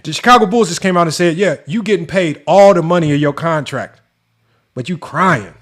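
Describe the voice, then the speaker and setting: A man's voice: on the high side, a little fast, a bit bright. Fired-up man ranting with rhetorical questions. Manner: exasperated, mocking, repeats rhetorical questions. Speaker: sports debate host. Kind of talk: heated commentary rant.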